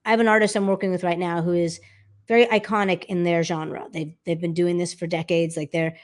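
A woman vocal coach, a guest in a casual interview, explaining with animated talk and quick sung examples. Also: on the low side. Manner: animated, demonstrates by singing snippets.

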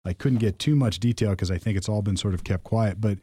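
Man, low mellow voice, easygoing storyteller, dry close mic. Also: brisk, breathy edge, no echo. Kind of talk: casual chat.

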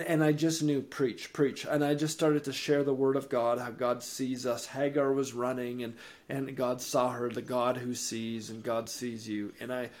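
A man, podcast co-host and ministry founder, telling a faith testimony with lively rises in energy and frequent word repeats. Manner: animated, rises in pitch and energy when excited; repeats words and restarts sentences. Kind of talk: storytelling testimony in an interview.

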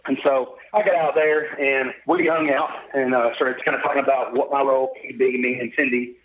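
A cheerful middle-aged man with a drawl, talking at an easy middle pitch. He tells a long personal story and slips into the voices of the people he quotes. The recording is a little dull and lo-fi, like a modest podcast setup. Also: steady tone, normal speed, slight background noise. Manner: upbeat, jovial storyteller who acts out quoted dialogue. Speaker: podcast guest. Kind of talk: casual storytelling interview.

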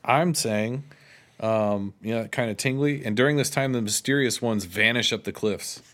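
A man's voice: medium pitch, moderate pace, fairly bright tone. A man co-hosting a casual chat, retelling an old legend with quoted lines and offhand asides. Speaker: podcast co-host.

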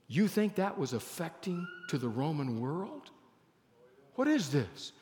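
A man preaching a sermon as a pastor, emphatic, slowing down and dropping his voice for effect. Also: a little high, big pitch swings, long reverb tail. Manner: emphatic, varies pace and loudness for effect.

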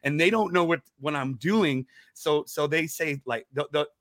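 A man telling stories in a casual interview as a comedian guest, animated, laughing often and restarting his words. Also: a little high, moderate pace, dry recording, studio quality.

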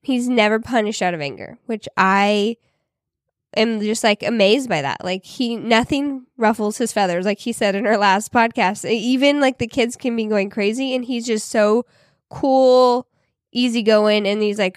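A woman's voice: fairly high pitch, normal speed, dry recording, clean studio sound. A woman co-hosting a podcast, talking in casual chat with many fillers. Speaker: podcast co-host.

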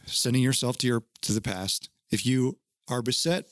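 A man's voice: medium pitch, normal speed, a bit bright, no room sound, studio quality. A man hosting a casual podcast chat, talking in an earnest, teacherly way and swearing now and then. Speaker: podcast host.

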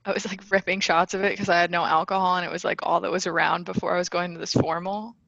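A young woman co-hosting a podcast, talking in relaxed, casual chat that is full of swearing and "like". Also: fairly low pitch, fast talker, creaky, dry recording, lo-fi sound. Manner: casual, swears freely, says "like" a lot. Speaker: podcast co-host.

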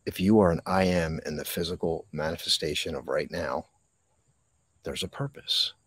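A man hosting a live mindfulness podcast from a park, talking slowly and reflectively with dramatic pauses and reading viewer comments. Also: rumbling low, fairly bright tone, slightly rough, no echo. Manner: reads and answers viewer comments. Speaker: podcast host. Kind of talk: live-streamed mindfulness talk. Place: outdoors in a park.

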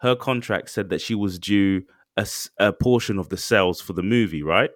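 Casual podcast co-host, low and lively, dry close sound. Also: male voice, normal speed, no room sound. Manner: animated, excitable, acts out quotes. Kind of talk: casual chat.

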